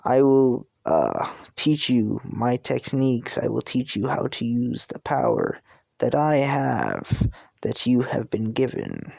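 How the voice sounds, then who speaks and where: A man voicing a mighty old pirate captain with a deep voice and a slight British accent, speaking as a calm mentor in slow, grand pronouncements. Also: creaky, no room sound, heavily acted. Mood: solemn.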